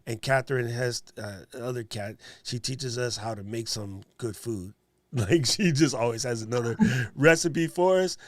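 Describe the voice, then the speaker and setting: A man's voice: mid-range voice, moderate pace, no room sound. A man hosting a livestream in a casual, joking way. He laughs often as he thanks his guest and talks to viewers. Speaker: livestream host.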